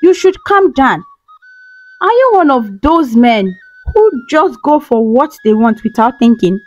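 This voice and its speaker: A woman's voice: high-pitched, sing-song, a little slow, dull audio, soft background music, exaggerated voice. Woman reading as Ngozi, cold vengeful ghost girl. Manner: cold, mocking, icy.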